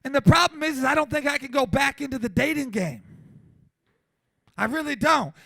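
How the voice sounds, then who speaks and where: A man in his forties doing a profane stand-up routine at a small comedy venue, brash and loud, often breaking into shouts. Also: extremely high pitch, moderate pace, vocal fry, no echo.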